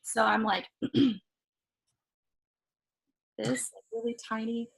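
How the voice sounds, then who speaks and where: A middle-aged life coach from Southern California, guesting on an interview show, tells a personal story in an animated, casual way, laughing often and acting out what others said. Her voice is a little high, gravelly and husky, with drawn-out words, and the recording is rough.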